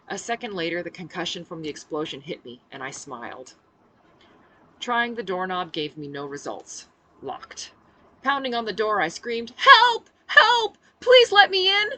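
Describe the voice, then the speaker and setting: In a rough recording with a slight hiss or hum, a woman with a lowish, sharp-toned voice reads her own novel aloud in the first person. She voices the dialogue expressively, like an audiobook narration.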